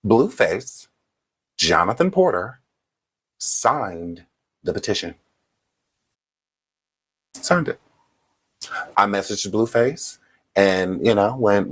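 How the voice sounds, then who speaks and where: A man's voice: fairly low pitch, husky. A man hosting a casual livestream, speaking straight to his viewers and often checking in with "okay?". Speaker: livestream host.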